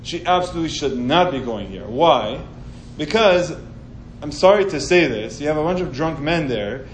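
A man teaching an informal scripture class, telling the story with animated sarcasm. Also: a little high, moderate pace, reverberant, a little hiss or hum, low-quality recording.

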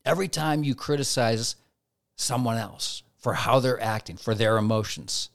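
A man's voice: mid-range voice, normal speed, creaky. A man giving a conversational Christian teaching talk, acting out everyday dialogue in quoted asides.

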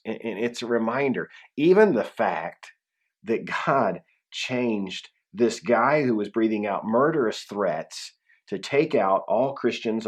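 Low-voiced man preaching a sermon. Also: slightly rough. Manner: conversational, with frequent restarts and emphatic drops. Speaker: pastor.

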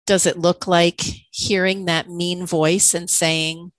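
Candid, lower-voiced woman musing aloud. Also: flat delivery, takes it slowly, no room sound, rough recording. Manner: candid and self-questioning, laughs often. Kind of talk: reflective conversational podcast talk.

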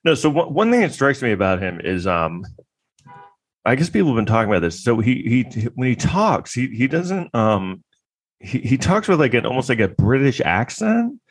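A man's voice: medium pitch, big pitch swings, normal speed, dry recording. A man delivering a comedic monologue in a crude, sarcastic, rambling way, full of fillers and restarts.

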